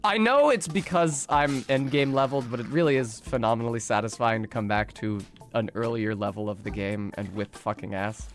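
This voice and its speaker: A man streaming a video game, giving excitable, profane commentary and talking to himself as he plays. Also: mid-range voice, a little fast, hardly any pauses, soft background music. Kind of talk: casual gameplay commentary.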